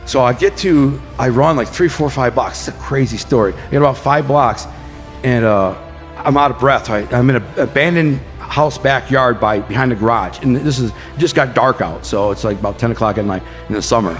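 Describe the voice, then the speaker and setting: A man's voice: medium pitch, in a large hall, soft background music. Intense man telling a violent story. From Detroit area. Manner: intense, fast-moving, says bro and man a lot. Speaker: podcast guest telling his story. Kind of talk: animated storytelling.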